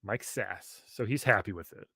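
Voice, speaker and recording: A man's voice: fairly low pitch, normal speed, pushed and bright, husky, no room sound, studio quality. A man co-hosting a comedy chat, reading old magazine text aloud and teasing it with wry remarks. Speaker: podcast co-host.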